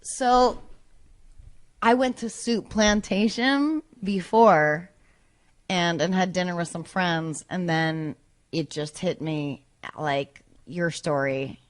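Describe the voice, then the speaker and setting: A woman's voice: on the low side, slow. A woman guest on a podcast, casually telling a long embarrassing anecdote, rambling and interrupting herself. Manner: rambling, self-interrupting, animated when retelling. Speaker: podcast guest, former sketch comedy cast member.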